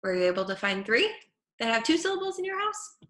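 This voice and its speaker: Woman clearly over-articulating words for kids. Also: on the high side, very animated, fast talker, bright, forceful tone. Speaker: speech therapist. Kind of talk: teaching children at home. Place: her home kitchen. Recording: echoey room.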